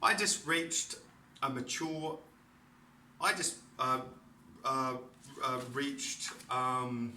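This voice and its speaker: A man's voice: medium pitch, drawn-out words, long pauses, pushed and bright, distant mic, slight background noise. An Australian man talking in a disjointed, repetitive stream of consciousness, recorded in an echoey room. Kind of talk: rambling solo monologue to camera.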